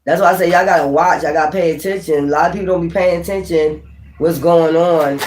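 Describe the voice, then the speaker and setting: A woman's voice: lowish voice, fairly even intonation, fast. Woman tarot reader, live-stream chat, rambling, addresses viewers directly, faint background noise. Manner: rambling, talks straight to viewers.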